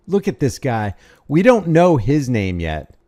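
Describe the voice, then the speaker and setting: Indignant male video commentator, sarcastic, animated delivery. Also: mid-range voice, measured pace, very noisy.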